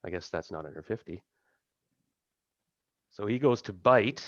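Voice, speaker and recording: A man's voice: lowish voice, animated, measured pace, dry recording, lo-fi sound. A man casually running a tabletop game as game master, thinking aloud and laughing along with his players.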